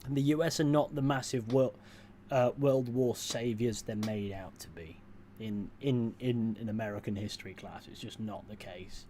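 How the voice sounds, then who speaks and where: A young British man from the United Kingdom streams and chats casually with his viewers, answering them bluntly, swearing, and slipping in dry asides. His voice is fairly low and dark, at a moderate pace, with slight background noise.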